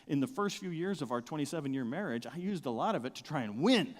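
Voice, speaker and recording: Middle-aged male pastor, booming outdoor voice, slightly high, comic storyteller, long church reverb. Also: fast. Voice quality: big, loud outdoor voice. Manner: storytelling, humorous, swings from soft to loud excited bursts. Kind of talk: sermon. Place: church sanctuary.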